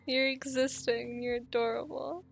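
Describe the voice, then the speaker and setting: Woman gaming streamer, high voice with gravelly fry, bubbly and foul-mouthed. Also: slow pace. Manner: bubbly, affectionate, swears freely. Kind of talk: casual chat while playing.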